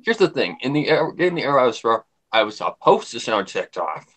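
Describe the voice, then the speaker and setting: A man talking casually on a livestream, rambling and animated, often repeating himself. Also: medium pitch, a little fast. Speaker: livestream co-host.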